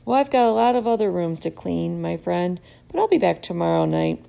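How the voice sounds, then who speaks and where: A woman's voice: lowish voice, huge pitch swings, fairly quick, gravelly, dark tone, heavily acted. A woman voicing a jolly, talkative male night janitor in a storybook reading, with a chatty, jokey, friendly manner.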